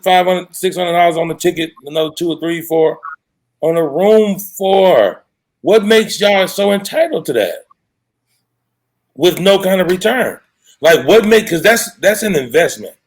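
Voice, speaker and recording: A man hosting a casual live show as a dating coach, talking frankly in a loose, rambling way and reading out viewer comments. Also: a little high. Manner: loose and rambling, frank, quick asides and self-corrections.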